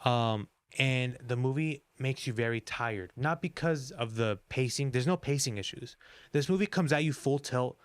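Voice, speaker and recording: Rambling, animated male podcast co-host. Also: medium pitch, moderate pace, dry recording. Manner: rambling, animated, frequent fillers and swearing. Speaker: podcast co-host reviewing films. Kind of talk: casual movie review chat.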